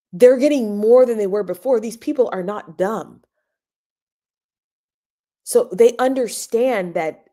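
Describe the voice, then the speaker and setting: A woman hosting a podcast, talking through her opinions in an emphatic way and hammering points home by repeating them. Her voice has a mellow, soft-edged tone at a middle pitch. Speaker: podcast host. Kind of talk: opinionated commentary.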